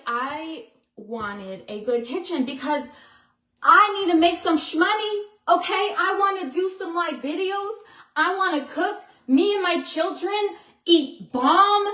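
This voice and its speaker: High, slow-talking chatty vlogger woman. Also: echoey room, low-quality recording. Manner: chatty, with frequent fillers like "you know" and "like"; excitable storyteller who acts out quotes. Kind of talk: casual vlog monologue.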